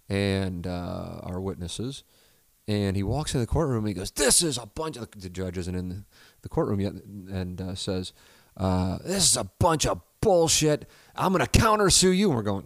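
A man hosting a podcast, telling a story in casual talk, often trailing off into a low mutter and then getting loud and excited. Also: vocal fry, no room sound. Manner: storytelling, gets loud and excited when fired up; frequent fillers and restarts, drops to a low mutter. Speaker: podcast host. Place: home studio.

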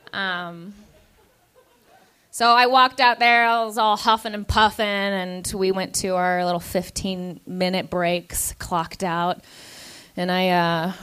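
A woman telling a comedic story at a live show, animated and laughing through her lines. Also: medium pitch, clean tone.

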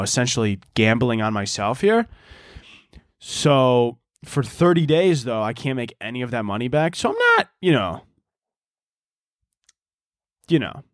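A medium-pitched man hosts a solo podcast, chatting casually in a rambling, self-mocking way with frequent profanity. The audio is studio quality, with no room sound.

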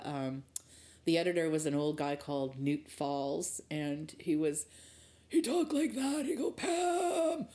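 The guest, a middle-aged woman from rural Ontario, Canada, has a low-pitched voice with a dark tone. She tells stories of her early career in an interview, speaking candidly and thoughtfully and frequently starting over.

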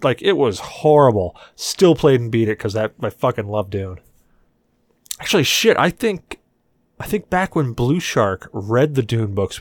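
A man's voice: medium pitch, no room sound. A man hosting a podcast in crude casual chat, rambling, enthusiastic and full of swearing. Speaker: podcast host.

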